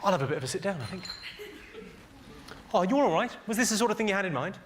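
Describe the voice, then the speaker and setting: Casting: middle-aged comic, rapid-fire, slightly high voice, filthy crowd work, loud live room. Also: male voice, lively intonation, very noisy. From England. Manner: dry, crude, teasing the audience. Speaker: stand-up comedian. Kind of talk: stand-up comedy with crowd work. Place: comedy venue on stage.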